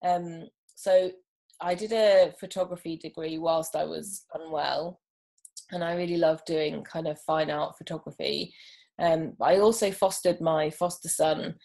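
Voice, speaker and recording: A woman's voice: deep voice, fairly even intonation, a little slow, creaky, warm tone. A woman, a guest in a casual interview, talking thoughtfully with frequent ums. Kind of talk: casual chat.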